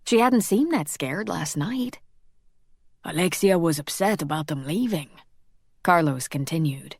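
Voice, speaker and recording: A woman's voice: on the low side, a little slow, husky, dry recording. Woman narrating an audiobook, dry sound. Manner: steady storytelling. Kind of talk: scripted narration.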